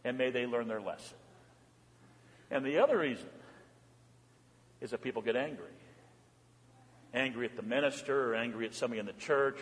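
A male pastor preaching a sermon. He swings between loud, emphatic bursts and hushed, soft passages. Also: medium pitch, lively intonation, normal speed, long pauses, long reverb tail.

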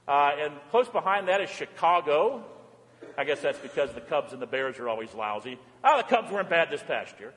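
A male pastor preaching a sermon. He swings between loud, emphatic bursts and hushed, soft passages. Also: on the high side, big pitch swings, moderate pace, pauses often, big-room sound.

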